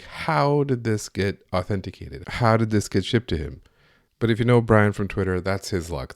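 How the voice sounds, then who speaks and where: A man's voice: low-pitched, dry recording, studio quality. A man hosting a solo podcast, talking in an opinionated, sardonic, ranting way. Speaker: podcast host.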